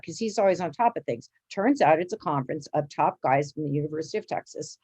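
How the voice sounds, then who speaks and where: A woman with a lowish voice tells her story with lots of energy. She acts out each quote, and her pitch leaps up as she does. It sounds like an interview guest on a roll. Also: fast talker, few pauses, breathy edge, dull audio. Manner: lively, acts out quotes with big pitch jumps. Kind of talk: animated storytelling.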